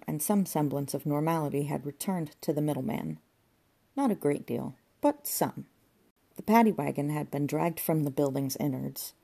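A woman narrating an audiobook in a dry, steady way. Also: deep voice, gravelly.

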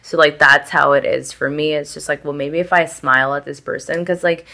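A woman's voice: deep voice, little pitch movement, a little fast, creaky, pushed and bright. A young woman chatting candidly as a podcast guest, full of filler words and casual swearing.

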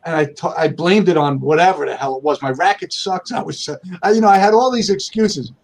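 Higher-voiced man telling stories in an interview. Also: fairly quick, gravelly. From United States. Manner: conversational, many restarts, acts out quoted dialogue. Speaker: accountant and firm owner, guest. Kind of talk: storytelling interview answers.

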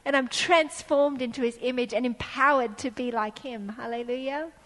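A middle-aged woman delivers a sermon in an earnest, storytelling way, hammering points home with repeated phrases. Her voice sits high. The sound rings with the long reverb of a large church hall. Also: fairly even intonation, moderate pace, a bit bright. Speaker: preacher.

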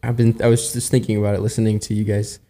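A man's voice: on the low side, level tone, fast talker, mellow. A man in his twenties sharing earnestly in a casual church panel discussion, rambling and often checking in with his listeners. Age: 20s. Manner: earnest, rambling, tags lines with "right?". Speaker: church worship musician on panel.

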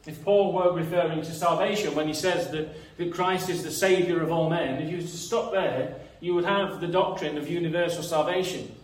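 A man's voice: on the high side, normal speed, hardly any pauses. A man preaching a sermon in an earnest, reasoning way, often repeating words as he thinks. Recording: echoey room, mic some distance away.

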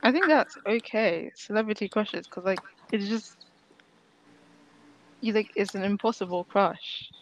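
A woman guest in a casual chat, soft and hesitant. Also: mid-range voice, a little slow, slight background noise, low-quality recording.

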